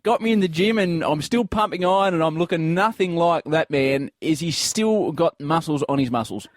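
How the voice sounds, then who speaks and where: A man's voice: fairly high pitch, moderate pace, no echo, studio quality. A man hosting a radio interview, asking questions with jokey, teasing banter. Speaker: radio host.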